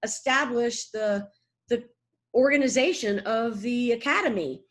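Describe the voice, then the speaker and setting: Lively woman in her 60s, kinda high voice, laughs a lot, chatty guest. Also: a little slow. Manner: animated, laughing, slips into voices. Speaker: voice actor, guest. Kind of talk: casual interview chat.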